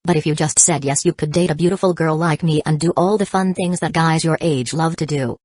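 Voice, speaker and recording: A playful teenage girl with a weak heart teases and giggles, as a woman reads her lines in an audiobook. Her voice sits low and soft, a little short of breath. The sound is dry and close. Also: steady tone, brisk, no room sound. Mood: teasing.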